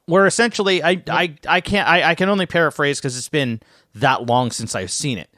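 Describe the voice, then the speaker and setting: A man co-hosting a casual podcast, talking in an animated way with plenty of restarts and some swearing, close to the mic. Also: fairly high pitch, fairly quick, dry recording. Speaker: podcast co-host.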